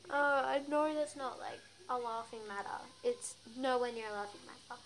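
A woman's voice: on the high side, normal speed, a bit bright, a little hiss or hum, poor audio. A young woman reading a fan story aloud, breaking off to giggle and comment, often stumbling over words. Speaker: fan fiction reader.

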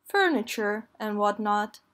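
A woman's voice: medium pitch, animated, unhurried, a bit bright. A woman voicing a gloomy but helpful male donkey toy, in a plain storybook manner.

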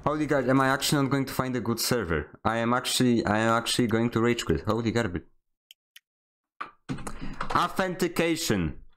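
A man's voice: mid-range voice, quick pace, hardly any pauses, a bit bright, slight background noise. A young man, streaming a game and barking short voice commands, sarcastic and easily annoyed. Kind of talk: casual gameplay streaming with voice commands.

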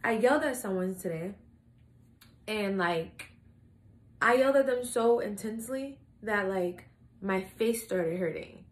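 A woman's voice: medium pitch, unhurried, long pauses. A young woman talking in a casual confessional vlog, blunt and swearing, acting out her own lines as she tells stories. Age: young adult. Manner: animated storytelling, acting out her own quotes. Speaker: vlogger. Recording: echoey room with faint ambient noise.

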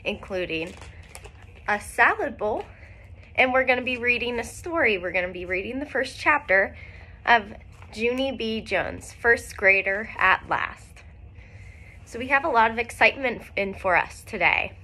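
A woman teacher leading a recorded phonics lesson for young children, speaking clearly and encouragingly with frequent praise. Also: fairly high pitch, expressive, moderate pace, pushed and bright.

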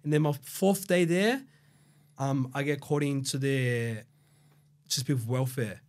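His voice is medium in pitch, a little mellow, and slightly slow. A Brazilian-born man who grew up in Australia and has an Australian accent, he guests on a podcast, telling his story in a loose, rambling way full of swearing and filler words during a casual interview.

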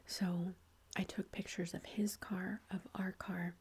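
A woman's voice: fairly low pitch, flat delivery, slow, darkish tone, slight background noise. A woman whispering a long rambling story as an ASMR chat, with lots of fillers. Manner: breathy whispering throughout. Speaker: ASMR creator.

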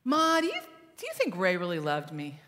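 A woman's voice: wildly swooping pitch, normal speed, pushed and bright, in a large hall, exaggerated voice. A woman doing a pleading, despairing man. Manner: pleading, high and strained.

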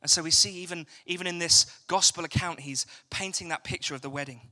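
A man's voice: fairly high pitch, fast, pushed and bright. A young English man preaching a chatty evening church sermon, joking and asking the congregation questions. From England. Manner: chatty, jokey, asks the crowd questions. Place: church hall.

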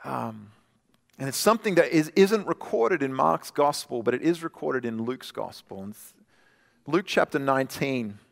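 A male pastor preaching a sermon in a conversational way, stumbling and restarting, then dropping soft and quiet for scripture. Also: mid-range voice, animated, normal speed, vocal fry. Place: church sanctuary. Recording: long church hall reverb.

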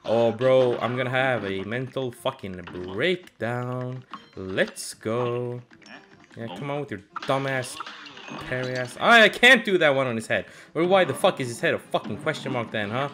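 A young man giving casual gaming commentary, swearing and frustrated, with loud outbursts. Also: mid-range voice, moderate pace, noisy background. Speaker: gameplay streamer.

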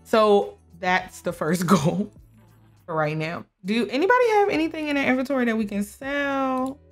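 A young woman chatting through a life sim game, talking to her characters and laughing often. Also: mid-range voice. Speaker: gameplay streamer. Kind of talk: casual gameplay commentary.

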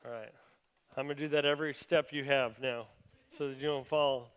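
A man's voice: medium pitch, steady tone, a little fast, clear, resonant tone. A male pastor responding to a testimony and moving into his sermon, encouraging and building to fervent praise. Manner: warm encouraging, rising to fervent exhortation. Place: church sanctuary.

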